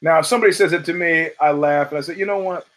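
This American host tells stories in a casual monologue peppered with swearing, acting out everyone he quotes. He talks at a racing clip in a higher-pitched voice, and the recording quality is poor.

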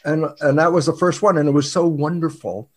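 An older man, a scientist guest in a conversation, telling stories and acting out dialogue with sudden loud swings. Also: a little high, steady tone, fairly quick. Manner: acts out dialogue, swings from quiet to loud exclamations. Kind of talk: animated storytelling in conversation.

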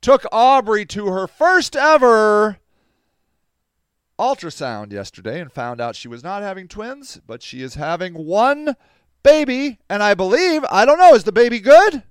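A man's voice: high-pitched, sing-song, measured pace, smooth, no echo, clean studio sound. A man hosting a podcast, reading news aloud and commenting on it in a casual, emphatic way. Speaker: podcast host.

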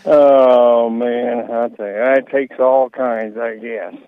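A man's voice: medium pitch, no room sound. A male caller on a phone line, laid-back and blunt in a casual chat.

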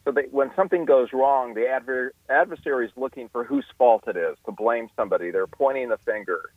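A man's voice: medium pitch, a little fast, no echo. Male guest expert on a tinny phone line, lots of restarts, dry sound. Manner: explanatory, with frequent restarts and fillers. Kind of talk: radio interview. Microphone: telephone.

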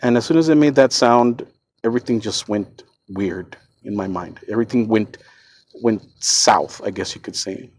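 A man's voice: lowish voice, moderate pace, no echo. A man hosting a podcast, telling a first-person story in an earnest, shaken way, often repeating and restarting his words. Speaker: podcast host.

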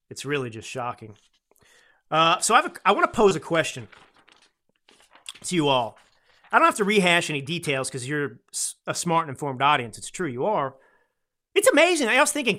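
Bright, animated male podcast host. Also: fairly high pitch. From United States. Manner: animated, rambling, swings between loud and soft. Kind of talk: political commentary monologue. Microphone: close studio microphone.

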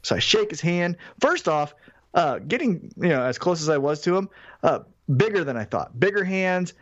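Animated man telling a story, dull sound. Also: high voice, moderate pace, no echo. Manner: animated, swearing, acts out quotes. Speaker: podcast co-host. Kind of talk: casual storytelling chat.

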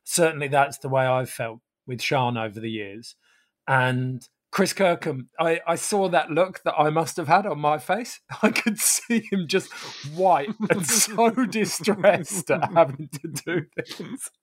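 A man calmly telling a casual story in a matter-of-fact way, often dropping into quiet asides. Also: on the high side, unhurried.

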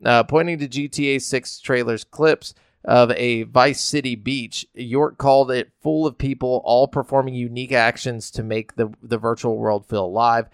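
Dude hosting a gaming podcast, smooth clear voice, dry close mic, kinda rambly reading news. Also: male voice, medium pitch, steady tone, moderate pace, few pauses, no room sound. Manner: reads news quotes aloud, loose and rambling. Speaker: podcast host. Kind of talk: casual gaming news chat.

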